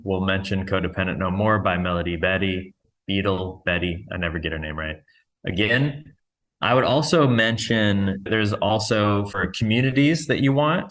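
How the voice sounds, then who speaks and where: A man's voice: lowish voice, fairly bright tone. A man hosting a podcast in casual chat, joking and self-deprecating. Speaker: podcast host.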